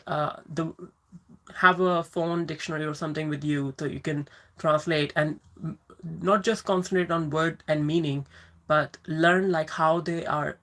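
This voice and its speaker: Hosting a casual livestream Q&A, a deep-voiced woman who relocated to the UK from another country chats and rambles as she answers questions. She reads viewers' comments aloud and greets them by name.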